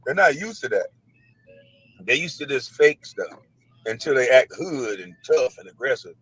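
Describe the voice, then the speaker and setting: A man calmly explaining his side, blunt, matter-of-fact and frustrated. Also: mid-range voice, moderate pace, slightly rough, poor audio. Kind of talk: casual self-defending explanation.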